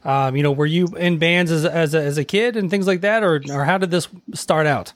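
A man's voice: on the high side, brisk, no room sound. A male interviewer asking questions hesitantly, with repeated words. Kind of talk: casual interview.

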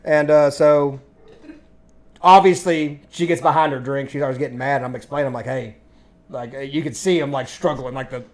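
A man's voice: mid-range voice, moderate pace. A man co-hosting a casual podcast, telling a long story about a bad restaurant customer, full of swearing and acted-out dialogue. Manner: profane, animated storytelling. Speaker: podcast co-host.

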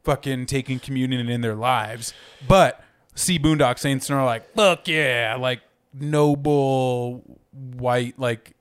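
A man's voice: medium pitch, fairly even intonation, slow pace, clear, resonant tone. Man chatting with constant "like"s. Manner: filler-heavy talk full of "like", swears casually. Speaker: podcast co-host. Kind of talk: casual chat.

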